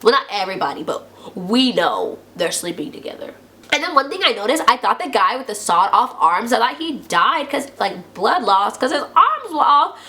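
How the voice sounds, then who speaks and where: A woman with a slightly high voice talks at normal speed in a casual TV episode recap for her channel. Her delivery is chatty and heavy on "like," and she performs quotes in lively voices.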